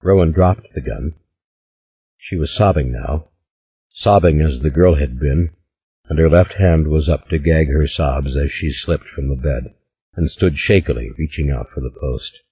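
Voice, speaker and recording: Low husky guy reading an audiobook, dramatic, kinda muffled. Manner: measured, dramatic. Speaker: audiobook narrator. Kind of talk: scripted narration.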